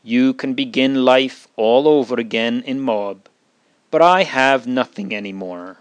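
A man's voice: medium pitch, a little slow, clean tone, no room sound, lightly acted. A man voicing a grieving elderly widow, earnest and pleading, in a read-aloud Bible story.

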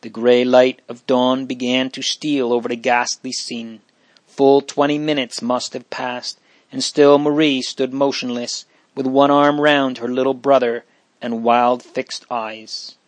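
A man reading an old-fashioned storybook aloud at a steady, measured pace. His pitch sits in the middle of the usual range. The recording is close and dry, with no echo. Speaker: narrator. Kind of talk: storybook audiobook narration.

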